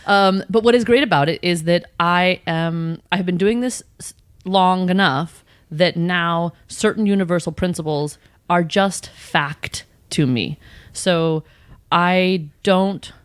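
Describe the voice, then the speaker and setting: Woman, podcast guest, slightly low voice, animated and laughing, dry close sound. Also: takes it slowly, clear, resonant tone, no echo. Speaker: guest, spiritual coach and channel. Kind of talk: casual podcast chat.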